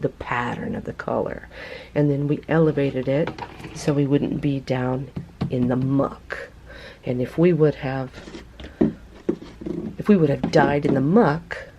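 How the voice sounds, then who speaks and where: Lady chatting thru a craft tutorial, easygoing slow pace, gets excited, slight background hiss. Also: deep voice. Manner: chatty, excitable, talks to herself while showing results. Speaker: craft video host.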